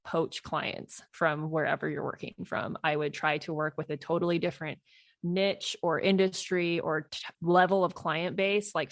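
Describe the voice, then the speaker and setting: Woman podcast host in her thirties, lowish voice, close dry mic, relaxed advisory chat. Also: no echo. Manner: conversational, laughs often, advisory. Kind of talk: casual Q&A podcast advice.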